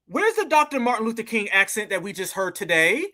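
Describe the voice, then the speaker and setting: A man's voice: sits high, sing-song, fairly quick, bright, forceful tone. A man giving blunt, sarcastic commentary to his viewers, calling them family. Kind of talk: casual commentary.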